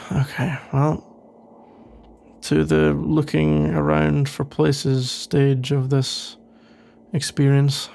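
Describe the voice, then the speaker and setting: A man playing a sarcastic young male office rival in an ASMR role-play, speaking in a dry, grumbling way with a gravelly voice. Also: on the high side, level tone, drawn-out words, pauses often, darkish tone, full character voice.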